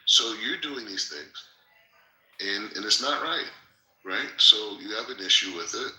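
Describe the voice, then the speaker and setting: A man's voice: fairly low pitch, animated, a little slow, sharp tone. Insistent man arguing in a roomy echo. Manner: insistent, repeats himself and stumbles on restarts. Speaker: participant in an audio chat room. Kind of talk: heated argument.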